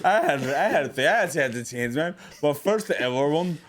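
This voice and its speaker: A man's voice: a little high, animated, normal speed, over a noisy crowd. A man in his thirties, a podcast co-host swapping stories in casual chat, laughing and swearing often.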